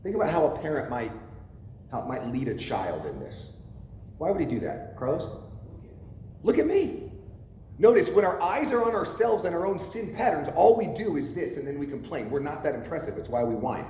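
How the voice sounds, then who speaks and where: Animated pastor guy preaching, dark mellow voice, big echoey church hall, bit of hiss. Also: a little high, brisk. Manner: animated, asks the congregation questions. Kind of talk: sermon. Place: church sanctuary.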